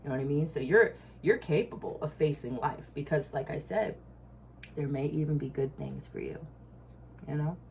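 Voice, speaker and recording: A woman's voice: deep voice, very animated, normal speed, creaky, darkish tone, a little hiss or hum. A woman giving a casual tarot reading, blunt and profane, with frequent asides and laughs. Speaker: tarot reader.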